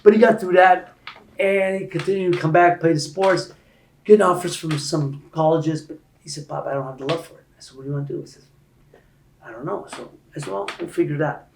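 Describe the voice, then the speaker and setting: A man in his sixties telling stories as a podcast guest, animated and building up loud and high to make his points. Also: fairly quick, creaky, reverberant, a little hiss or hum, poor audio. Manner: animated storyteller, rising loud and high when making a point. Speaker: interview guest. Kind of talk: storytelling in a podcast interview.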